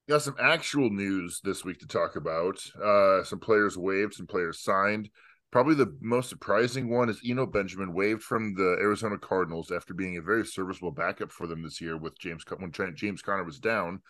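A man with a lowish voice hosts a casual podcast, rambling and joking as he ribs his co-hosts. His voice is close and dry, with no room sound at all. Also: moderate pace, fairly bright tone, no room sound. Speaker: podcast host.

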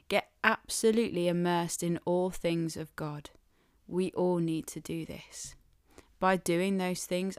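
A woman delivers a devotional teaching at an unhurried pace, her voice smooth and resonant. She speaks in a measured, emphatic way and often turns to the listener with questions. The recording is close and dry. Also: fairly low pitch, no echo. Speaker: Christian speaker.

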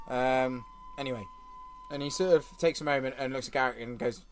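Male game master, relaxed chuckling narration, mid pitch, faint music behind. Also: moderate pace. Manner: chuckling, relaxed storytelling with many fillers.

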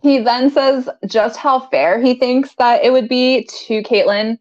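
A co-host recaps a TV episode in relaxed podcast banter, frequently giggling and mimicking the characters' voices. Her voice is on the high side with a darkish tone and a measured pace, heard through slightly dull lo-fi sound.

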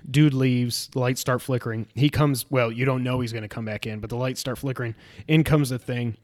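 A man's voice: medium pitch, a little fast. A man in casual chat, recapping a show and acting out its scenes in a raised voice. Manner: animated retelling, acts out scenes in a raised voice.

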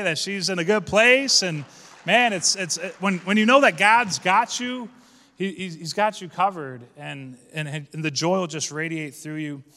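Male pastor, sermon delivery, casual folksy talk rising to fervent preaching, bright forceful tone, long church reverb. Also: sits high.

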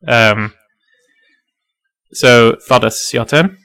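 A man's voice: medium pitch, drawn-out words, vocal fry, sharp tone, smooth. A man narrating a tabletop role-playing game as game master, casual and full of fillers, laughing often.

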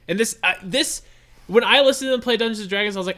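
A man co-hosting a podcast in casual chat, excitable and quick to act out his own reactions. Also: high voice. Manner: excitable, animated, acts out reactions in quotes. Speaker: podcast co-host.

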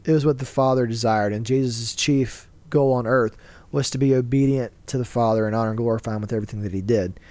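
A man's voice: medium pitch, fairly even intonation, quick pace, hardly any pauses, darkish tone, no echo. A man hosting a casual faith discussion, explaining his view earnestly and answering his own rhetorical questions. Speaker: podcast host.

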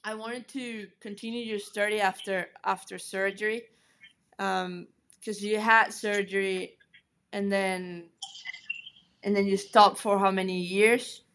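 A woman hosts a relaxed interview and asks her guest about her past. She talks in a friendly way with frequent ums and restarts, at a medium pitch. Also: unhurried. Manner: friendly, asks questions with many fillers. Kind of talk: casual interview conversation.

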